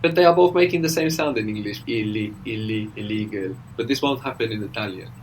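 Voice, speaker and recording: A man's voice: medium pitch, expressive, fast, a little hiss or hum, poor audio. A man teaching a language in a recorded audio lesson, explaining patiently and often checking with a questioning "no?".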